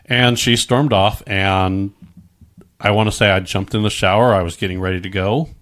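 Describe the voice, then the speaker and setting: A man's voice: lowish voice, fairly even intonation, normal speed, fairly bright tone. A man recounting a personal story as a podcast guest in a casual way, often restarting his sentences. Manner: recounts events with frequent restarts and quoted exchanges.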